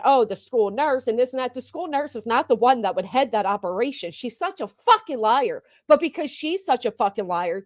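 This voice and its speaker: A woman's voice: on the high side, a little mellow, dry recording, studio quality. A woman hosting a livestream, delivering an upset and indignant rant full of profanity. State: upset and agitated. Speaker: livestream host.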